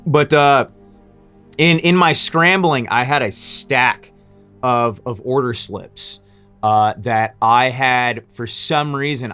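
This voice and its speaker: Man of middling pitch, casual vlog storyteller who rambles and restarts a lot. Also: bright, forceful tone, clear, resonant tone. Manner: rambling, with frequent restarts and fillers. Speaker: small business owner.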